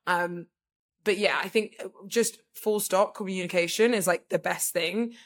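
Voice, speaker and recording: In casual podcast chat, this female co-host rambles and fills her speech with fillers, saying "like" constantly. Her voice is on the low side and her speed normal.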